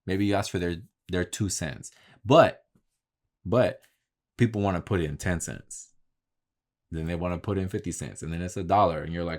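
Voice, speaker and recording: A man's voice: sits low, moderate pace, long pauses. A man talking in a casual, candid vlog monologue, swearing freely and telling stories about his work. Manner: profane, candid, talks through stories. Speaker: vlogger.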